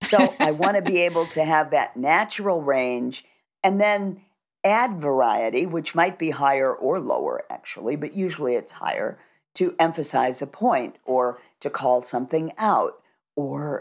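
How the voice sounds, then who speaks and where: A middle-aged woman working as a communication coach, speaking in an instructive, measured and assured way during a conversational interview. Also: low-pitched, lively intonation.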